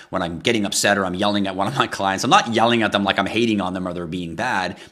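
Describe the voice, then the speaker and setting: A crypto livestream host vents passionately in casual talk, cursing often. His voice sits low and is a bit bright, and he leans on rhetorical questions while imploring viewers.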